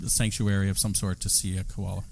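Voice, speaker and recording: A man's voice: low voice, little pitch movement, fast talker, vocal fry, a little mellow. An American man as a guest in a casual travel conversation, chatty and enthusiastic, laughing often. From United States.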